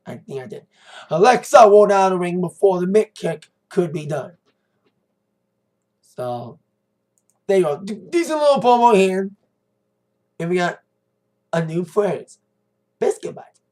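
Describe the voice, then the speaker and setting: A man's voice: high voice, darkish tone. Chatty man reviewing a wrestling show. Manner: rambling, chatty, self-correcting. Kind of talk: casual recap monologue.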